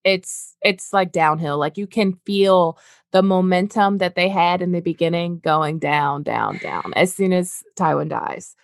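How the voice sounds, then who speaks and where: A woman co-hosting a podcast, chatting casually and reading book passages aloud in a low, even voice, with casual swearing in the talk. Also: measured pace, creaky, dry recording, studio quality. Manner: reads passages in a low, even voice, then swears freely in chat. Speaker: podcast co-host.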